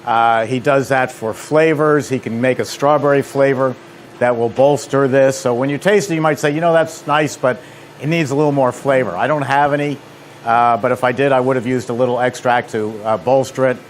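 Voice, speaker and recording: A man leads a live seminar demonstration. He talks in a chatty, joking, storytelling way, and his voice sits at an ordinary middle pitch. A faint machine hum runs underneath. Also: fairly even intonation, normal speed. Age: 50s or 60s. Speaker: equipment company president.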